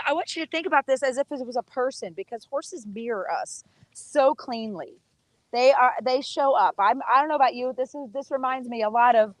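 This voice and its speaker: A woman's voice: on the high side, no room sound, rough recording. A woman horse trainer teaching casually while she works a horse, chatting to the viewers and coaxing the horse with praise.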